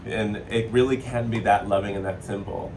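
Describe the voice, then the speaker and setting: A man giving a casual spiritual tarot reading, chatty and excitable, with a playful, sassy way of talking. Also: on the low side, normal speed, recorded from a distance, a little hiss or hum. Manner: playful, sassy, slips into joking accents. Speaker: tarot reader.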